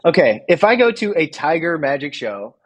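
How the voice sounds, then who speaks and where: A man's voice: on the high side, big pitch swings, normal speed. A man co-hosting a podcast, joking around in casual chat. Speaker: podcast co-host.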